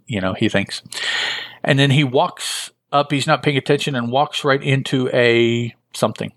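A man's voice: mid-range voice, unhurried, fairly bright tone, no echo, clean studio sound. A man hosting a comic book review show, recapping an issue in a rambling, thinking-aloud way and often correcting himself.

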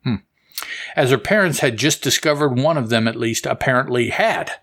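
A man's voice: medium pitch, expressive, normal speed, fairly bright tone. A man hosting a casual comic book review show, rambling and correcting himself as he reads passages aloud. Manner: rambling, self-correcting, chatty. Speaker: comic book podcast host.

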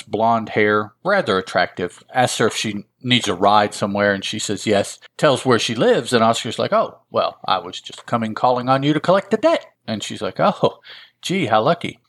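A man with a fairly low voice hosts a casual comic book review. He rambles through the story and pads it with fillers and self-deprecating asides. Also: a bit bright. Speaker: host.

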